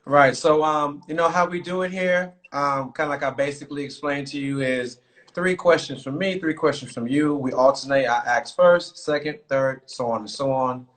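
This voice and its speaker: A man hosting a casual live-streamed talk show, talking loosely with lots of fillers and shout-outs to viewers. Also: on the high side, moderate pace. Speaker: podcast host.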